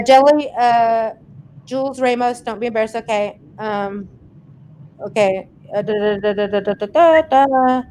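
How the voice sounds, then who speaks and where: A woman hosting a casual livestream, chatting and laughing as she reads out viewers' comments and thanks them by name. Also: fairly high pitch. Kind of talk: casual live chat.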